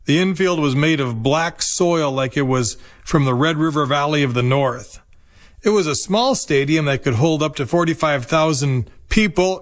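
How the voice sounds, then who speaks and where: A man in his fifties from Minnesota, reading a nostalgic personal story in a reflective manner. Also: on the high side. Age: 50s. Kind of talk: scripted personal narration.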